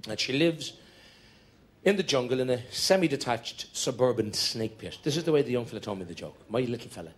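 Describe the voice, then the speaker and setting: A man's voice: mid-range voice, lively intonation, brisk. A middle-aged Irish man telling long comic stories on stage in a chatty, conspiratorial way, building jokes through repetition. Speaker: stand-up comedian. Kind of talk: live stand-up storytelling.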